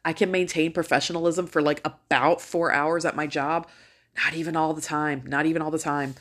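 A woman's voice: sits low, steady tone, fairly quick. A middle-aged woman ranting casually to her viewers, blunt and full of swearing as she tells a story. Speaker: vlogger.

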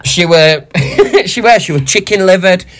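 A man co-hosting a podcast, ranting in an indignant, animated, sweary way. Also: sits high, measured pace. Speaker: podcast co-host. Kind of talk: casual chat rant.

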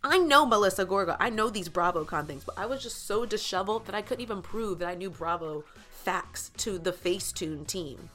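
Animated gossipy woman telling a story. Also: medium pitch, brisk, faint music behind. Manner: animated, dramatic, slangy and gossipy. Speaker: comedic storyteller. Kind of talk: comedic storytelling monologue.

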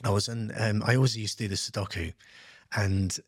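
Here an English podcast guest in his thirties, an entrepreneur, walks through his life story in a casual interview, bringing quoted people to life with animated impressions. He speaks fairly quickly in a lowish voice. The recording is dry and clean, studio quality.

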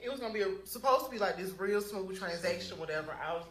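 A woman's voice: mid-range voice, expressive, quick pace, fairly bright tone. A woman telling her own story in a clip, ranting with indignation and cursing. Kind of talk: story told in a viral video clip. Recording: echoey room.

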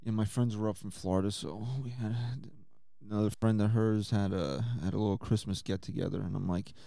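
A man's voice: fairly low pitch, fairly even intonation, brisk, creaky, mellow, dry recording, studio quality. A man co-hosting a casual podcast, teasing and exasperated, swearing often as he ribs his friends. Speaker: podcast co-host.

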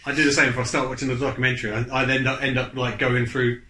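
A man chatting casually on a podcast, his thoughts coming out halting and rambling, full of restarts and fillers. His voice sits at an ordinary middle pitch. The room around him rings with noticeable echo. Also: little pitch movement, bright, forceful tone. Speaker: podcast co-host. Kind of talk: casual chat. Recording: echoey room.

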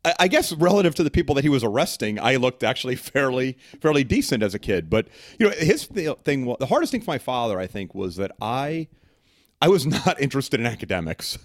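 A middle-aged man from New York who talks fast and tells joking stories. His voice is recorded dry and close, with no room sound. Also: mid-range voice, very animated, no echo. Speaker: podcast guest. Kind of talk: casual interview.

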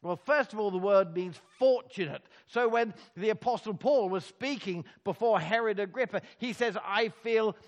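A man preaching a sermon, emphatic, with dramatic pauses and words repeated for effect. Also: sits high.

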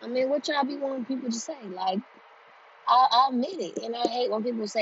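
A woman's voice: on the high side, normal speed. Woman, blunt and profane, repeats for emphasis; dull lo-fi recording. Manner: grows louder and more forceful as she goes. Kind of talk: candid monologue on healing. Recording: dull lo-fi recording with faint noise.

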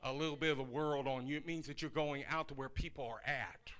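A man's voice: mid-range voice, fairly quick, a bit bright. A man pastor preaching a sermon, telling a story in a folksy, conversational way.

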